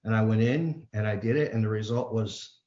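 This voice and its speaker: A man's voice: lowish voice, a little fast, warm tone. A man speaks at an AA meeting, moving from reading aloud to a plain, earnest personal story. He restarts his sentences often. The sound is dull and carries the echo of the room.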